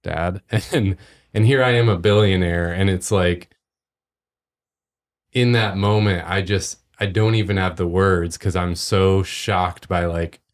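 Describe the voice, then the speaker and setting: A man's voice: deep voice, steady tone, measured pace. A man in his thirties, a podcast co-host, telling a personal story in a casual faith discussion, laughing often.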